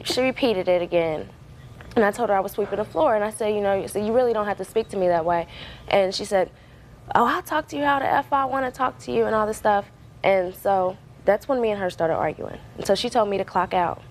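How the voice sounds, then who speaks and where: A young woman tells her side in court, rambling through her account with many fillers and restarts. Her voice sits at a mid pitch. A faint hiss is heard behind her. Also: rough recording. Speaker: defendant. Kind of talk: courtroom testimony.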